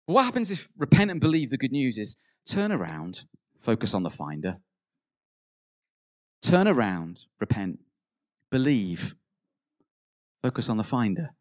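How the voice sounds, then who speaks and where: A man preaching a sermon in an earnest way. He rises to emphatic peaks, then drops soft, and acts out quoted prayers. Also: medium pitch, very animated, a little slow, long pauses.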